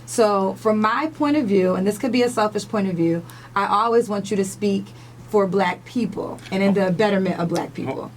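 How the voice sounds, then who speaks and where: A woman's voice: mid-range voice, normal speed, slight background noise, rough recording. A woman from the United States co-hosting a radio morning show, speaking earnestly and emotionally, close to tears at times and repeating herself. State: crying at times.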